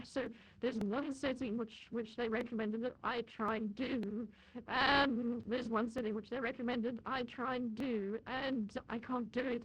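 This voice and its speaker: A man's voice: very high-pitched, fairly bright tone, slightly rough, voice pushed up, full character voice, low-quality recording. A man on a live stream using a voice changer that makes him sound like an older woman, chatting as he tests it. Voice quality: staticky. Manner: chatty, self-checking. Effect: voice changer making him sound like an older woman.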